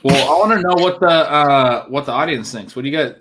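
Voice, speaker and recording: A man's voice: medium pitch, a little fast, a bit bright. A man co-hosting a casual podcast chat, thinking aloud as he weighs draft picks. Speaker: podcast co-host.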